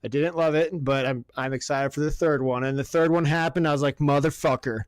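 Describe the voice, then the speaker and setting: A man co-hosting a casual podcast, rambling and swearing his way through excitable rants. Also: a little high, a little fast, smooth, no room sound, clean studio sound. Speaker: podcast co-host.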